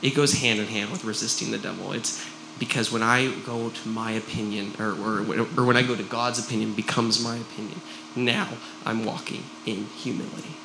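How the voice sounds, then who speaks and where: A man preaching a sermon to a congregation, animated and jokey, with frequent "right?" asides. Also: on the low side, normal speed, gravelly, noisy background. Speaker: pastor. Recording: roomy echo.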